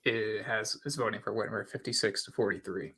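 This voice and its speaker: A man's voice: on the low side, brisk, sharp tone, slightly rough. A man from Michigan on an election livestream, reading county results in a matter-of-fact way. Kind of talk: casual election-night chat.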